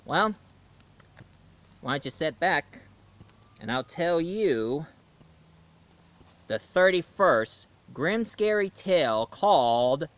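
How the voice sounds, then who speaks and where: Brief: male storyteller host, rambling and chatty, fairly high voice with lively ups and downs. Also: slow pace, long pauses. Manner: rambling, chatty, self-correcting. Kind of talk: casual spoken storytelling.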